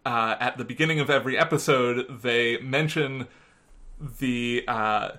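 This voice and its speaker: A podcast host, a woman, talking casually with a clear, bright edge to her voice. She laughs easily and often restarts her sentences mid-thought. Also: very deep voice, unhurried. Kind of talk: casual podcast chat and outro.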